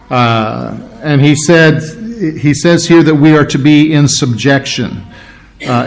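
Man preaching an expository sermon. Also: a little high. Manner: teaching, explains word meanings, asks rhetorical questions; clears throat, fillers. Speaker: pastor.

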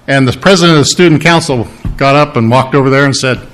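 A man's voice: mid-range voice, fast talker, fairly bright tone. A man preaching a sermon, telling folksy personal stories in a conversational way with frequent asides.

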